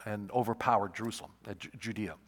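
A man preaching a sermon as pastor, halting and repeating words, then rising to loud emphatic peaks. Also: fairly low pitch, fairly even intonation. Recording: long hall reverb.

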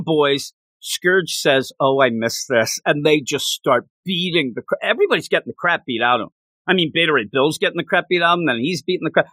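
Excitable male comic fan, high and bright, retells scenes animatedly. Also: no echo. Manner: animated, laughs while retelling, acts out quotes. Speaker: comic book podcast co-host. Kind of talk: casual comic recap chat.

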